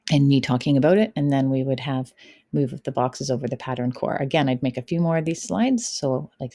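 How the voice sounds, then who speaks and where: A woman teacher explains her online lessons step by step in a chatty tutorial. Her voice sits low and mellow with a gravelly edge. The sound is dry and close, as if recorded at a home computer. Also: no echo. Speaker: kindergarten teacher. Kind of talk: tutorial walkthrough.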